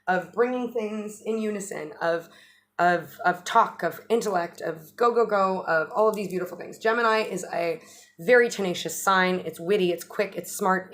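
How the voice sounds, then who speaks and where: A woman talks through an astrology update in a loose, chatty way, her voice sitting at an ordinary middle pitch. She restarts phrases often and lets the odd swear slip in. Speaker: astrologer vlogger.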